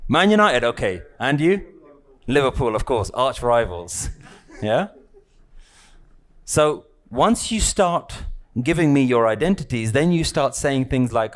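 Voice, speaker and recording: A man leads a spiritual lesson for a live audience in a relaxed, conversational way. His voice sits at an ordinary middle pitch. He teases his listeners and keeps checking in with short questions. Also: normal speed. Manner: conversational, teasing, keeps checking in with "yeah?" and "right?". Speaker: spiritual teacher.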